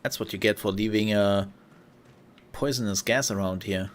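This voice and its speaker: A man's voice: lowish voice, normal speed, a little hiss or hum. A man casually commenting while streaming a video game, playful and rambling, joking to himself.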